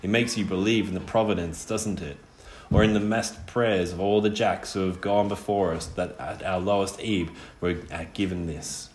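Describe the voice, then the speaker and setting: A man voicing a cold, menacing adult killer who speaks in a smooth, mocking, threatening way in an audiobook reading. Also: low-pitched, steady tone, moderate pace, darkish tone, slight background noise, natural voice. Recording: roomy echo.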